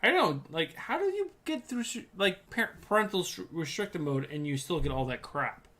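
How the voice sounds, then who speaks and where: Laid-back dad with a bright voice. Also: male voice, a little high, animated, moderate pace. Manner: laid-back, rambling, restarts often. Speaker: podcast co-host. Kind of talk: casual chat.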